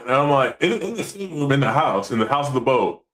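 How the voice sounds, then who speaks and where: A man, a commercial fisherman, telling stories in a casual, animated way, acting out quotes and swearing freely. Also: mid-range voice, fast, hardly any pauses. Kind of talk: casual storytelling.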